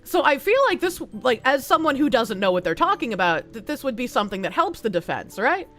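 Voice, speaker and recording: A woman's voice: sits high, very animated, fairly quick, fairly bright tone, soft background music. A woman streamer reading news aloud and commenting with rambling, skeptical asides, swearing casually and talking back to chat.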